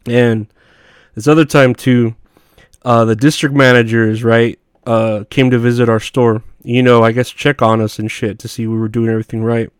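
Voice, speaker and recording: A man's voice: medium pitch, little pitch movement, normal speed, clean tone, no echo, clean studio sound. A man telling rambling, profane work stories in a casual monologue, often laughing at himself. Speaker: podcast host.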